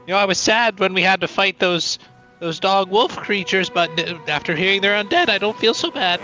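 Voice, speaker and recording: A man's voice: high-pitched, lively intonation, brisk, pushed and bright, soft background music, pitched above the performer's own voice, low-quality recording. A man voicing a chatty, cheerful male character who rambles fondly about the creatures of the woods. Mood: gushing. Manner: rambling, eager. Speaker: non-player character.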